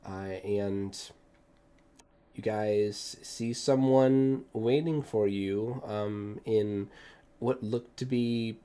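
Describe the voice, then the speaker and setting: A man's voice: lowish voice, steady tone, very slow, dark tone, clean tone. A man narrating a tabletop game as game master, hesitant and full of ums. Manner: hesitant, many ums and uhs.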